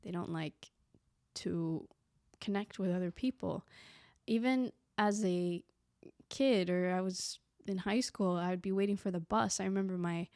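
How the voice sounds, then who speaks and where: A young woman from Sweden talking casually to the camera, reflective and animated, acting out the people she quotes. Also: on the low side, measured pace, dry recording, clean studio sound. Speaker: vlogger.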